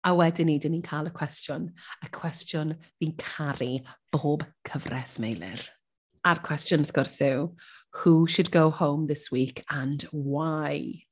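Woman, Welsh accent, lowish voice, casual co-host chat, quick to laugh. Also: slightly rough. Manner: laughs often, mixes Welsh and English. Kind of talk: casual chat reviewing a TV show.

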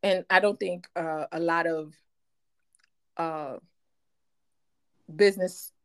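A woman's voice: fairly low pitch, steady tone, takes it slowly, clear, resonant tone. A woman with a Haitian French accent, hosting a podcast in casual chat and telling stories with playful expression.

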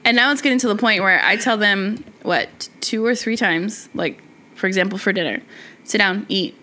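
A woman co-hosting a casual podcast chat, blunt and quick to swear, getting worked up fast. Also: medium pitch, sharp tone. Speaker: podcast co-host.

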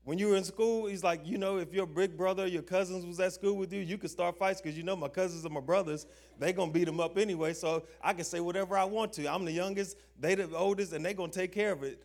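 A young adult man preaching a sermon, emphatic, asking the listeners questions and reading scripture slowly with stress. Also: sits high, fairly even intonation. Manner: emphatic, call-and-response questions; slow stressed scripture reading, informal grammar.

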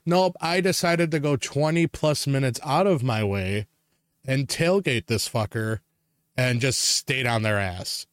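A man's voice: mid-range voice, a little slow, clean tone, dry recording, clean studio sound. A man from Wisconsin co-hosting a casual podcast, telling a road story in a profane, ranting way. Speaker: podcast co-host. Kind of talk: casual chat.

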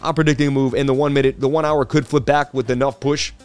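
A man's voice: medium pitch, level tone, fast, clean tone, faint music behind. A middle-aged man hosting a casual crypto live stream, chatty, with a sports-presenter delivery. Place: traveling.

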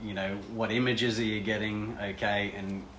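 A man's voice: lowish voice, flat delivery, moderate pace, fairly bright tone, echoey room, a little hiss or hum. A man co-hosting a podcast, asking engaged follow-up questions in casual chat. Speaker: podcast co-host.

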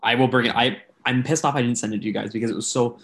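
A man co-hosting a casual podcast, joking and teasing, sometimes dropping into a hushed mock-sensual voice. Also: mid-range voice, fairly even intonation, racing. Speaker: podcast co-host.

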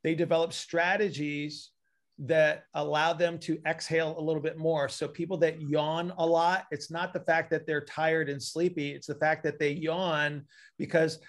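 A man's voice: a little high, flat delivery, moderate pace. A man talking casually, patiently explaining breathing patterns and acting out sighs to show them. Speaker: breathing expert. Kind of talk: casual advice conversation.

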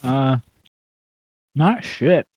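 A man's voice: mid-range voice, expressive, extremely slow, darkish tone, slightly rough, no echo. A young man co-hosting a podcast in casual, profane chat while eating. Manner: profane, laid-back, eating while talking. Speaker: podcast co-host.

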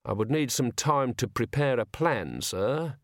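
A man's voice: mid-range voice, expressive, unhurried, no echo, studio quality. Man doing an eerily polite young assassin. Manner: soft-spoken, overly courteous, keeps saying sir.

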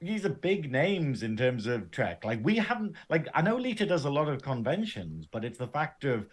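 A man co-hosting a casual podcast, excitable and sweary, tripping over his own restarts. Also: medium pitch, moderate pace, slightly rough. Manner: animated, stumbling restarts, sweary. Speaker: podcast co-host.

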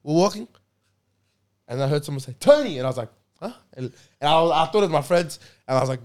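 A young man telling a story in casual chat with friends, animated and laughing, full of slang. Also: fairly high pitch, quick pace.

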